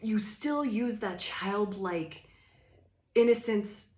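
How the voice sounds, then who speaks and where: A woman's voice: mid-range voice, animated, takes it slowly, darkish tone, reverberant. A woman giving a casual, rambling tarot reading, laughing often and acting out quoted voices. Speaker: tarot reader.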